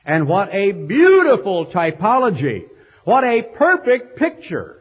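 A man preaches with a slightly high, husky voice and lively, swooping delivery. He reads scripture aloud and acts out the voices of the crowd. The recording is dull and lo-fi. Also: unhurried. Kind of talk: sermon.

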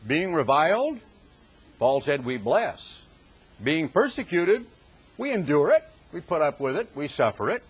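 A man's voice: a little high, big pitch swings, unhurried, breathy edge. A man preaching a Bible exposition sermon, emphatic, drawing out key words and rising on rhetorical questions.

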